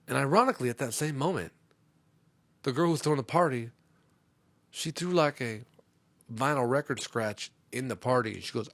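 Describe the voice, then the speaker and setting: A middle-aged man on a comedy podcast telling a profane story, swinging between loud outbursts and muttered asides. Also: medium pitch, moderate pace. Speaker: podcast host.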